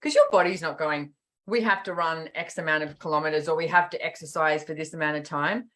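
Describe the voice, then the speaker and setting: Aussie lady host, bit low voice, chatty, does the voices in her stories. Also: fairly quick. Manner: animated storytelling with acted-out quotes. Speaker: podcast host. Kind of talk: casual chat.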